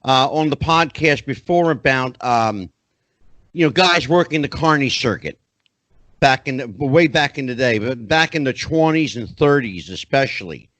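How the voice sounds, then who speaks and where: Lively middle-aged man hosting, dry close sound. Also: mid-range voice, moderate pace, dry recording. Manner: animated, chatty, leads into questions at length. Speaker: podcast host. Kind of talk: conversational interview hosting.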